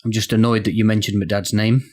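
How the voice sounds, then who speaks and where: A man's voice: on the low side, little pitch movement, fairly quick, a little mellow. A man co-hosting a casual gaming podcast, chatty and teasing, sometimes stumbling over words. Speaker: podcast co-host.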